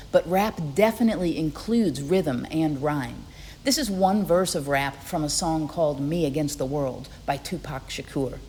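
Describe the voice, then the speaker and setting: A woman with a low, deep voice narrates a scripted poetry lesson as the teacher, explaining each form in a clear, friendly way. Her voice-over carries a long reverb tail, with faint ambient noise underneath. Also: dark tone. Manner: clear, friendly explaining, reads rhythm examples aloud.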